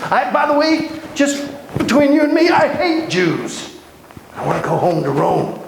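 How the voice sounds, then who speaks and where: A man acting out a sleepy, exasperated Roman governor who whines and shouts sarcastically in a high, strained voice. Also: big pitch swings, normal speed, creaky, exaggerated voice. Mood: sarcastic. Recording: very echoey room with noise.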